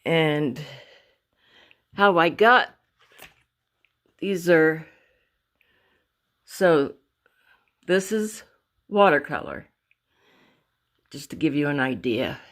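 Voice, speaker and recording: Extremely slow, with long pauses, a woman with a low, lively-toned voice walks along a wall presenting her paintings. The casual vlog is rambling, and she keeps searching for words and correcting herself.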